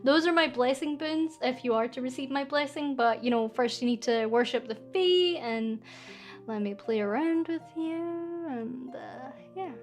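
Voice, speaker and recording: A Scottish woman casually chatting on a live stream, reading out viewer questions in an excitable, cheeky, rambling way with lots of fillers. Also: high-pitched, normal speed, hardly any pauses.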